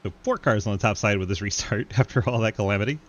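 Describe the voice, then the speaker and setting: A man giving live, joking play-by-play commentary on an online race, laughing often and getting excited at crashes. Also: on the low side, fast, muffled recording. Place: home setup, online sim race broadcast.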